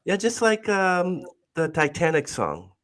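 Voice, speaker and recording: A man hosting an interview, getting over bronchitis and clearing his throat, asking halting questions with frequent restarts and apologies. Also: high voice, big pitch swings, a bit bright. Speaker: podcast host.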